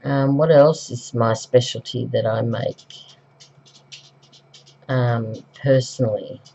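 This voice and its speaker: An Australian woman in middle age, just over the flu, talks slowly and chattily as she works on a craft project at home. She wanders off track, fills pauses with ums and corrects herself as she goes. The home recording sounds dull and lo-fi. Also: extremely low pitch, steady tone, gravelly, mellow. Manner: rambling and chatty, with many ums and self-corrections. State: recovering from flu. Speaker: craft vlogger. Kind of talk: casual craft tutorial chat.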